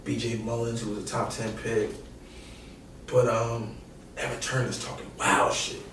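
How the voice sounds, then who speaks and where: A young man, a podcast guest telling an animated, slangy, profane story and acting out quotes. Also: medium pitch, measured pace. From New York. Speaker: podcast guest, former college basketball player. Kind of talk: casual storytelling. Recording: echoey room, distant mic, faint noise.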